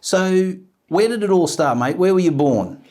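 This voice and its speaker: A man's voice: high-pitched, animated, normal speed, a little mellow. An Australian man hosts a casual interview show with a matey, effusive manner. He throws in a friendly "mate" as he asks his questions. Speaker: podcast host.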